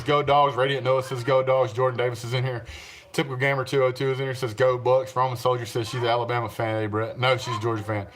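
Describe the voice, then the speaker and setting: A man hosting a casual live stream, reading viewer comments aloud, laughing often and answering the chat. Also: mid-range voice. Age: adult, father of young children. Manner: chatty, laughs often, talks back to the chat.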